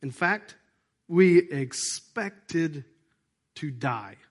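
A man preaching a sermon in church, animated and hoarse, with a worn-out voice. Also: on the high side, extremely slow. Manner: animated, acts out voices and asides. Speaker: pastor.

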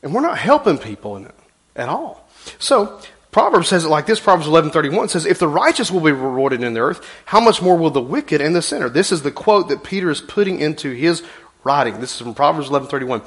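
High, lively pastor preaching. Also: male voice, quick pace. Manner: emphatic, rising and falling preaching delivery. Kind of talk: sermon.

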